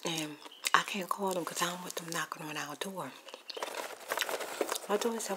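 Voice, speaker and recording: A woman's voice: on the low side, moderate pace, pauses often. Woman ASMR storyteller, gossipy whisper-ramble, close mic, noisy popcorn chewing. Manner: rambling, gossipy, shifting between whisper and soft speech.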